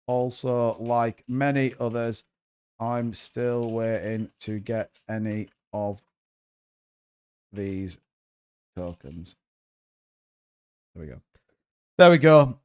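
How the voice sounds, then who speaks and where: A man's voice: medium pitch, slow pace, long pauses, a little mellow, clear, resonant tone. A man hosting a casual crypto live stream, rambling and thinking aloud with exasperation while he browses charts. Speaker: crypto livestream host.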